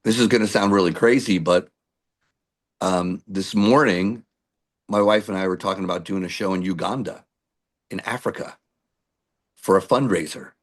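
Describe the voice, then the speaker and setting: A middle-aged male musician telling lively stories in an interview, acting out what people said to him. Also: deep voice, normal speed, long pauses. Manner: animated anecdotes with acted-out quotes. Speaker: musician guest. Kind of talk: storytelling interview.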